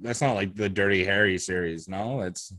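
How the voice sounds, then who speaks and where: A man with a fairly low voice, chatting casually on a podcast. He rambles and hesitates, circling back through fillers as he works out his point, and the sound is dry and close. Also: moderate pace, pushed and bright, no echo. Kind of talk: casual chat.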